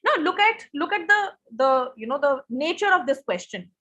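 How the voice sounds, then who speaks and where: Brief: high-pitched young woman, online SAT grammar teacher who quizzes her class. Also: sing-song, moderate pace, pushed and bright, highs cut off. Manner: asks students questions, reads answers from chat. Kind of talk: live online grammar lesson.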